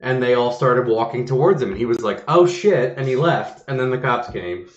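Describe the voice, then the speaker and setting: A man hosting a casual podcast chat, telling stories in a lively way and acting out what people said, with swearing. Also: mid-range voice, a little fast. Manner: animated, acts out quotes with swearing. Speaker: podcast host. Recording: roomy, dull lo-fi sound.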